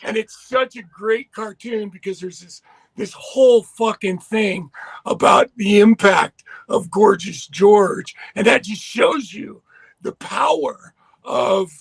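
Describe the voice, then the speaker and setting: A man's voice: high-pitched, slow, creaky, a bit bright, slightly rough, no echo. A man co-hosting a casual podcast chat, talking in an enthusiastic, rambling way with restarts. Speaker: podcast co-host.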